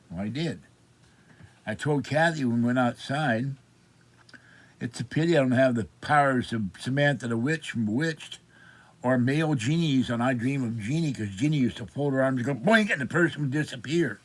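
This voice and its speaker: An older man in his seventies vents at length in a casual vlog, indignant and complaining as he rambles from one grievance to the next. His voice sits at an ordinary, middle pitch for a man. He grew up in Pittsburgh. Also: expressive, moderate pace. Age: 70s. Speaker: vlogger. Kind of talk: ranting personal vlog story.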